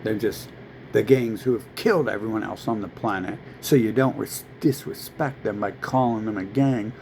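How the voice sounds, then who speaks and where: Gravelly man ranting. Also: on the low side, moderate pace, a little mellow, a little hiss or hum, low-quality recording. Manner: profane, rambling, heated. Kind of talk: casual rant to camera.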